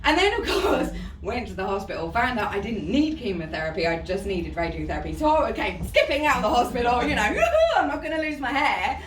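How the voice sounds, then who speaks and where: Woman, animated pitch, talks in a chatty way with lots of laughs, roomy hall, heard from a distance. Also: fast, hardly any pauses, slight background noise. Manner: chatty, laughing often, says "you know" a lot. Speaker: speaker giving a talk. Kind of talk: personal story told to an audience. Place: event hall.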